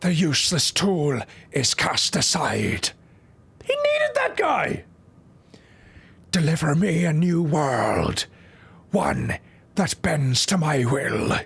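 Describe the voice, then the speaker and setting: A man voicing a scheming, power-hungry male villain who speaks in a slow, gloating, menacing way. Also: on the high side, lively intonation, creaky, a bit bright, husky, full character voice.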